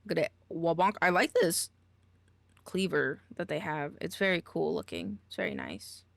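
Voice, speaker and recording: A woman's voice: sits low, big pitch swings, moderate pace, vocal fry, dry recording. A woman streamer chatting casually, goofy and exclamatory, often swearing and trailing off mid-sentence. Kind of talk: casual live-stream chat.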